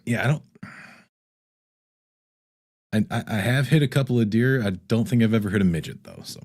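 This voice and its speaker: A man's voice: lowish voice, lively intonation, quick pace, darkish tone. A man hosting a casual live stream, reading viewer comments aloud and rambling with frequent laughs. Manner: loose and rambling, reads chat aloud, laughs often. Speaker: livestream host.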